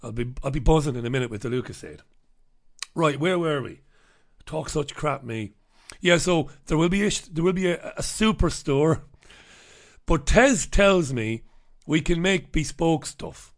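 Middle-aged male radio host, slightly raised pitch, loose joking chatter between listener shout-outs. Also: animated, measured pace. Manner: irreverent, rambling, jokey banter. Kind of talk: casual live show chat, reading out listener messages.

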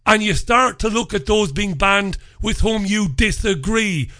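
A man's voice: high-pitched, measured pace, sharp tone. A sick man hosting his own show, ranting in a heated, profane monologue. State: unwell with a lingering infection. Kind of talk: solo monologue, ranting commentary.

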